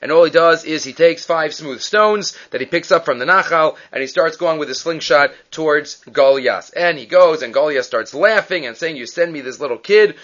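Man retelling a story, lively and quick. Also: on the high side. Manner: animated, quick, frequent restarts and self-corrections. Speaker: Torah teacher. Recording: dull lo-fi recording.

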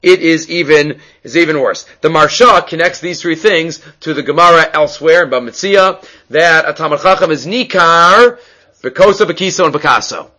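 A man's voice: on the high side, moderate pace, sharp tone. A man teaching a Talmud class, explaining the text with frequent fillers and restarts. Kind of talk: Talmud lecture.

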